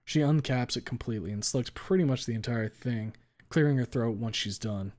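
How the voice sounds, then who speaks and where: A man reading a first-person story aloud with a blunt, deadpan delivery and casual swearing. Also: mid-range voice, a little fast. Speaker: story reader.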